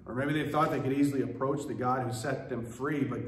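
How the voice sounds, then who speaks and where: Pastor guy preaching a sermon, animated storyteller, echoey church room, bit of ambient hum. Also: mid-range voice, brisk. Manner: animated storytelling, acting out quoted voices. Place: church sanctuary.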